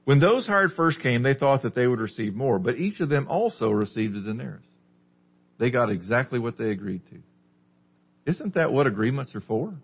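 A man's voice: mid-range voice, very animated, moderate pace, gravelly, slightly rough, dull audio. A man preaching a sermon as a pastor, teaching a small group with questions in a conversational way. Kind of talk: sermon, Bible study.

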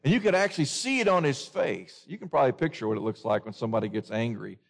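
A man's voice: medium pitch, quick pace, creaky. A man preaching a sermon in an earnest way, often asking his listeners questions.

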